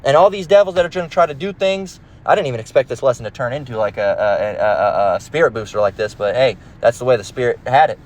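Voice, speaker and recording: A man's voice: medium pitch, fast talker, few pauses, darkish tone. A man preaching in a casual, emphatic, profane manner, reading scripture and rambling with restarts, recorded in a car. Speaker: religious teacher.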